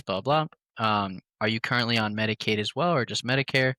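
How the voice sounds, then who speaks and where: A man tells stories from his sales calls in a loose, slangy way, acting out both sides of each call. His voice is bright and forceful. The sound is dry and close. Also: lowish voice, quick pace, dry recording. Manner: animated storytelling, quotes his calls in voices; slangy, says "bro" often. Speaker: podcast guest. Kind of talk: casual chat.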